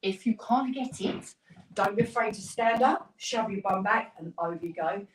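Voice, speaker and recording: A woman's voice: mid-range voice, normal speed, reverberant, distant mic, poor audio. A woman fitness instructor leading a live workout class, giving upbeat, encouraging cues and counting down the reps.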